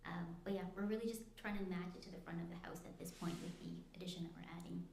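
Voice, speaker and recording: A woman's voice: lowish voice, fairly even intonation, rapid-fire, creaky, darkish tone. A young woman out of breath, explaining her application to a committee in a hesitant, apologetic, plain-spoken way. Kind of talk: informal explanation at a public meeting. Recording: echoey meeting room with faint noise.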